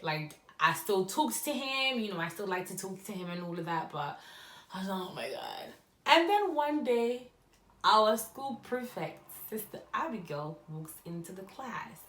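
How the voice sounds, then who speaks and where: A young woman casually telling a personal story to camera, acting out her own reactions along the way. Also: lowish voice. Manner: animated, acts out her own quoted reactions. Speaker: storyteller vlogger. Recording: echoey room.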